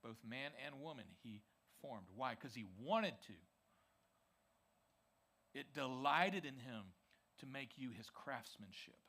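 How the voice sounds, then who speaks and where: Bright-voiced man preaching to youth. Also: medium pitch, slow, long pauses. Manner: energetic, conversational, frequent "okay?" check-ins. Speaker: youth pastor. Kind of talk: youth sermon. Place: church youth service.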